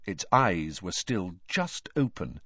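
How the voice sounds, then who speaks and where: A man narrating a storybook in an expressive, dramatic reading. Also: deep voice, takes it slowly, dry recording. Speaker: audiobook narrator. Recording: dull, dry recording.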